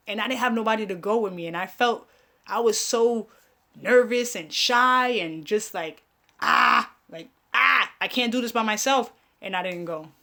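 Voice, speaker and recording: A woman's voice: medium pitch, bright, forceful tone. A young woman hosting a casual live stream, chatting with viewers, laughing often and swearing freely. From Caribbean family, raised speaking Spanish. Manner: profane, laughing, talks to viewers. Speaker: host of a live online show.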